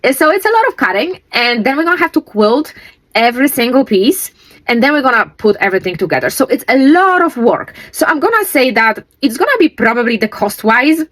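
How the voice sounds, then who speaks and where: A woman's voice: high voice, big pitch swings, a little fast, a bit bright. Chatty woman sewing vlogger. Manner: chatty, rambling, with fillers. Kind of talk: casual chat.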